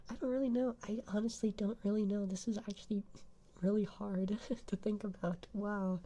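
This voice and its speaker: A young man chatting with viewers on a live ASMR stream, rambling with many fillers and switching between whispering and soft talk. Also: high-pitched, flat delivery, normal speed, slight background noise.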